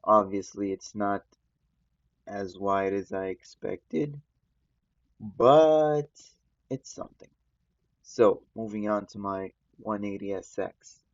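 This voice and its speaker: A man's voice: lowish voice, no room sound, muffled recording. A man hosting a gaming channel, chatting casually over gameplay while feeling unwell after just waking up. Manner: relaxed, rambling, slow. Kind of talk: casual game commentary.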